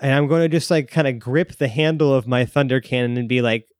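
A man's voice: medium pitch, a little fast, no room sound, studio quality. Casual man playing a tabletop game. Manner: casual, filler-heavy. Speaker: player.

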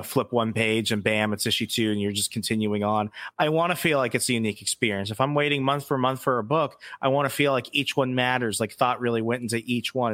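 A man's voice: medium pitch, a bit bright, dry recording. Dude giving his take on comics, dry close sound, mid voice. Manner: opinionated, conversational, with fillers. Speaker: podcast co-host. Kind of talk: casual comic book discussion.

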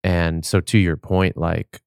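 A man's voice: low-pitched, little pitch movement, slow, creaky, darkish tone, clear, resonant tone, no room sound, studio quality. A man hosting a podcast interview, talking in an earnest, grateful, casual way. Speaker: podcast host. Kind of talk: conversational interview.

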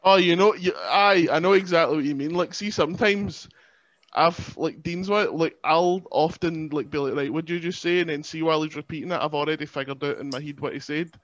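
Scottish male podcast host, young, higher-pitched, self-deprecating, dull dry mic sound. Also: fairly quick, fairly bright tone, no room sound. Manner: chatty, self-mocking, laughs often. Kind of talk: casual chat.

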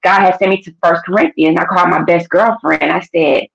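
A woman shares a personal story in casual, lively talk, jumping into the voices of the people she quotes. The recording sounds somewhat dull and muffled. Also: on the low side, fairly quick, vocal fry, hardly any pauses. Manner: animated storytelling, acting out quotes. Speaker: podcast guest. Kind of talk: casual testimony.

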